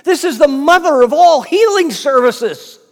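A flustered, stammering disciple, put on by a male preacher sputters his disbelief in a raised, high voice. The sound rings with the long reverb of a big hall. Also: expressive, a little slow, heavily acted. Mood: incredulous. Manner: stammering, incredulous. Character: flustered bewildered man, a disciple protesting.

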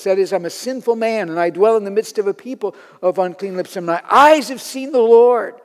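High-voiced preacher in an echoing hall. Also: male voice. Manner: earnest, building to loud emphatic peaks. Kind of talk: sermon.

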